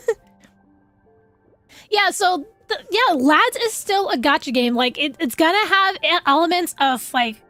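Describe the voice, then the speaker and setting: A young woman with a very high voice chats casually on her stream, rambling and blunt and breaking into giggles at her own jokes. Music plays softly in the background. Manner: rambling, giggly, frank, swears freely.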